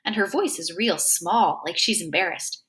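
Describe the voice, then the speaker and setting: A woman reading a novel aloud with animated first-person narration. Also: on the low side, moderate pace. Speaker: reader.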